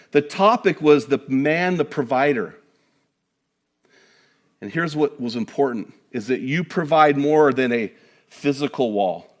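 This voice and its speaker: A middle-aged man preaching a sermon to a congregation in an energetic, conversational way, with joking asides. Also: fairly high pitch. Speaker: guest preacher.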